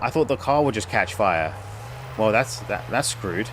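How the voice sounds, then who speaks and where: A man's voice: medium pitch, animated, normal speed. A young man giving casual, wry, rambling commentary while streaming a game. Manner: wry, rambling, self-amused. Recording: game sounds and noise behind.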